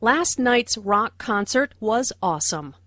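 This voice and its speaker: A woman reading scripted English lesson notes and dialogue lines in a clear, deliberate way. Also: on the high side, expressive, fairly bright tone, no room sound, studio quality. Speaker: dialogue reader and language notes narrator.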